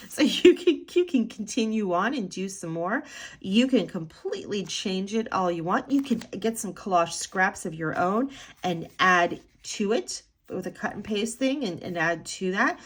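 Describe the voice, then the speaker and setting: A woman talking casually and chattily as she flips through a handmade art journal, with a sing-song lilt and many ums. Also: medium pitch. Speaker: art journal maker showing her work. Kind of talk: casual flip-through commentary.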